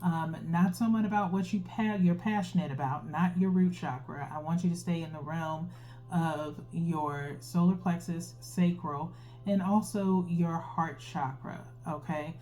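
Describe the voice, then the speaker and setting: A woman's voice: on the low side, unhurried, warm tone. A woman giving a casual tarot reading, chatty and explaining, who keeps tagging her sentences with a questioning "okay?". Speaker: tarot reader. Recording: faint instrumental music behind.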